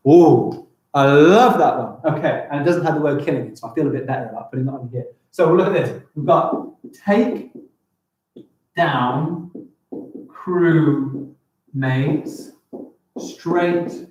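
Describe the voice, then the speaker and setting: A man's voice: medium pitch, darkish tone. Upbeat man teaching in an echoey classroom. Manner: enthusiastic, encouraging, reads lines slowly aloud. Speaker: primary school teacher. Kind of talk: live-streamed lesson.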